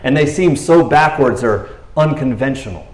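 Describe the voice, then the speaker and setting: A man's voice: mid-range voice, animated, normal speed, darkish tone. A man preaching a casual sermon, chatty, laughing often and acting out the story. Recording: echoey room.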